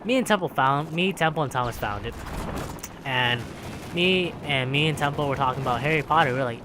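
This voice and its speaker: A man's voice: a little high, fairly quick, noisy background. Rambling young man telling a story. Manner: rambling, full of "like" and "right?". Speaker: vlogger. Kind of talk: casual storytelling.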